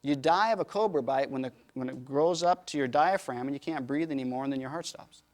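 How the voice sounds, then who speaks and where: A man's voice: medium pitch, fairly quick. A man teaching yoga, answering audience questions with emphatic, rhetorical explanations. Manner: emphatic, rhetorical, animated storytelling.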